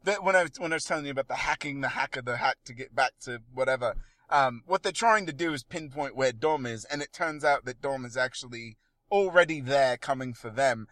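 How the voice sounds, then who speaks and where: A man co-hosting a casual movie review podcast, animated and laughing often. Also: medium pitch, brisk, no room sound. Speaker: podcast co-host.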